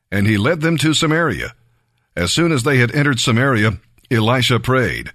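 Man reading scripture, slow deliberate pace, dry close sound. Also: mid-range voice, animated, a bit bright, no room sound. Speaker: Bible reader.

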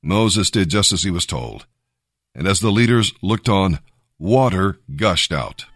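A man narrating a scripted devotional Bible reading, measured and emphatic. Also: low-pitched, expressive, a bit bright, no echo, studio quality.

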